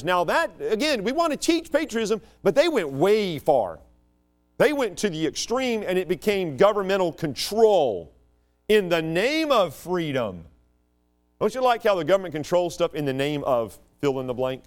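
A man from the United States giving a rambling, digressive talk to a group, in an animated voice. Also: normal speed. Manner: animated and digressive, with sudden jumps up and down in pitch. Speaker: speaker addressing a group.

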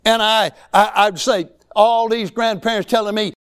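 A man's voice: sits high, steady tone, moderate pace, a bit bright, clear, resonant tone. A man, preaching a sermon in a folksy, emphatic way with rising exclamations. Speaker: pastor.

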